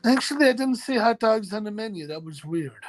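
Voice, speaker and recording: This live stream host has a high, expressive voice and talks a little fast. He shouts out viewers by name, jokes about himself, and laughs a lot between lines.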